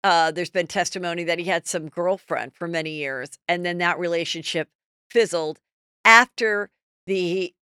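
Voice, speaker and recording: A middle-aged woman hosting a celebrity gossip podcast, telling stories in a chatty, animated way. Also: fairly low pitch, moderate pace, smooth, no echo, clean studio sound. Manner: chatty, animated storytelling with quoted asides. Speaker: podcast host. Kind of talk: casual celebrity gossip chat.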